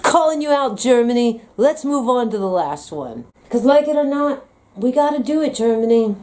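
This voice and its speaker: A woman's voice: a little high, big pitch swings, normal speed, a little mellow. An American woman talking in a comedic vlog monologue, playful, teasing and dramatic. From United States. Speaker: vlogger.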